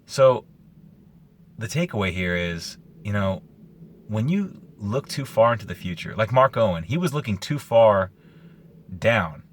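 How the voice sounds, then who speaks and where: A man's voice: fairly low pitch, very animated, a little slow, long pauses, slight background noise. A man hosting his own show, retelling a story casually and with animation, using lots of "like" fillers. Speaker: host.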